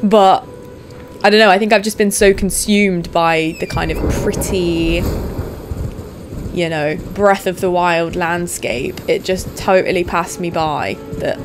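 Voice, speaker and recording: A young woman playing a video game, chatting casually to viewers and getting excited and swearing as she explores. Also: on the low side, measured pace, over music. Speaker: let's play host. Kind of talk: casual gameplay commentary. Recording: background noise under voice.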